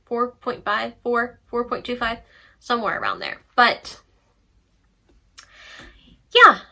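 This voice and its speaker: A woman's voice: fairly high pitch, bright, forceful tone. A young woman chatting casually about books in a bubbly, talkative way. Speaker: book vlogger. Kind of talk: casual vlog chat.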